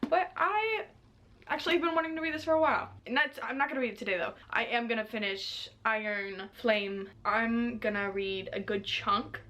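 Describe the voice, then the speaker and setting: A young woman book vlogger chatting casually, bubbly and excitable, with sudden squeals. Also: fairly high pitch, normal speed. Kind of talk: casual reading vlog.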